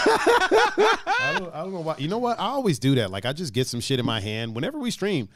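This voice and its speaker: Man from Ohio, casual stream banter, laughs a lot, swears freely, very lively pitch. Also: brisk, no echo, clean studio sound. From Ohio, USA. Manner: laughs often, swears casually, repeats himself. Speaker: stream co-host.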